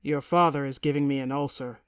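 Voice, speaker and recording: A woman reads a nervous young prince in a storybook, earnest and measured, his voice a touch lowered. The sound is dry and close. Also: fairly even intonation, clear, resonant tone, no room sound. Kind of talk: audiobook character reading.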